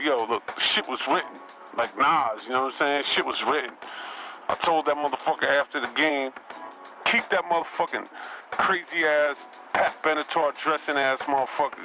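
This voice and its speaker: A man's voice: mid-range voice, close to an everyday voice. A man doing a brash cursing basketball star parody. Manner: boastful, rambling, heavy cursing street slang. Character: brash profane trash-talking male basketball star parody. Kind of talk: comedy sketch impression. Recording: muffled recording over loud music.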